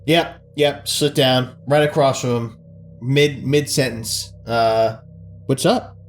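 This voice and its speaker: A man's voice: mid-range voice, fairly even intonation, slow, faint music behind. A man playing a ship captain in a tabletop game, casual and hesitant with fillers. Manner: casual, hesitant, playful in character. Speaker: player. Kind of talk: casual tabletop role-play.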